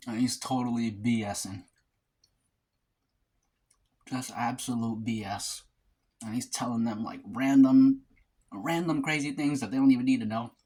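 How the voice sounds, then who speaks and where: Husky-voiced man chatting while eating. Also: medium pitch, fairly even intonation, unhurried, pauses often, mellow. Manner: talks between bites of food, loose and rambling; casual slang, frequent fillers and restarts. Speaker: mukbang vlogger. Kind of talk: casual storytelling while eating.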